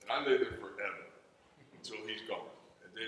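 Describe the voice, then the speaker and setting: A man's voice: fairly high pitch, very animated, fairly quick, creaky, over a noisy crowd. A man in his fifties, a retired wrestler, telling stories animatedly in an interview, throwing in sound effects. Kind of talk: storytelling interview. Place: arena. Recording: echoey arena with long reverb.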